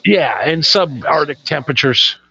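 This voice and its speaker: Another co-host on the same kind of stoner podcast chats loosely and profanely at a relaxed pace, talking at normal speed. He sits on the high side with lively intonation, and his tone is creaky, pushed, bright, and husky, heard through slightly dull lo-fi audio.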